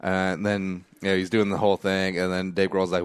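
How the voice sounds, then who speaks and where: A man hosts a podcast in a relaxed, jokey chat. His voice sits on the low side, and he rambles, stumbling through restarts as he tells stories. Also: fairly quick, clean tone, no echo, studio quality. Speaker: podcast host. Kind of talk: casual chat.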